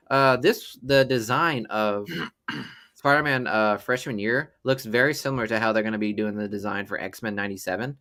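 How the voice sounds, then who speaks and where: A man with a fairly low voice chatting on a casual movie podcast. He talks loosely, restarting sentences and dropping casual swears. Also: a little fast, bright, forceful tone. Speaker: podcast co-host.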